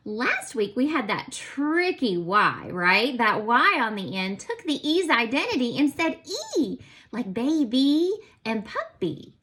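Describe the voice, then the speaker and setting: A woman teacher narrates a recorded lesson for young children. Her voice sits a little high and swings up and down in a singsong way. She keeps an unhurried, encouraging pace as she counts and spells aloud. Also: noisy background.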